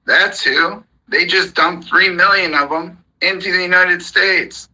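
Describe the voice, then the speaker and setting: A man's voice: high-pitched, steady tone, a little slow, bright, forceful tone, poor audio. A man hosting a live audio chat room, ranting heatedly about politics with plenty of profanity. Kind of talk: angry political rant.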